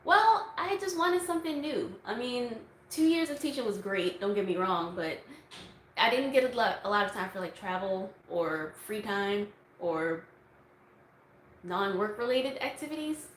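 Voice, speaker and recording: A woman's voice: mid-range voice, lively intonation, unhurried, fairly bright tone. Young woman streamer, loose chatty delivery, phone on a tripod, roomy echo. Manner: chatty and rambling, many fillers. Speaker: YouTube streamer answering viewer questions. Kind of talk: casual livestream Q&A. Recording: echoey room, faint noise.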